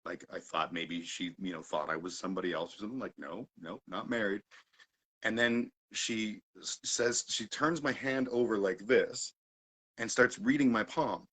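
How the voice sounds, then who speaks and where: Male host, casual storyteller, bright lowish voice, animated delivery, jumps loud to hushed. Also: moderate pace, husky, poor audio. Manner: animated, swings loud and quiet, laughs often. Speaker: podcast host.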